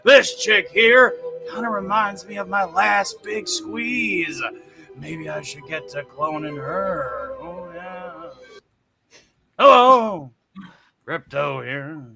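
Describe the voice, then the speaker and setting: Crypto, a gravelly alien braggart. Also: male voice, sits high, animated, slow pace, music in the background, full character voice. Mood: brash, sneering. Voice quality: gravelly, sneering. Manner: insulting, boastful, theatrical. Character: brash cocky male alien invader, gravelly. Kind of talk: character impression on a podcast.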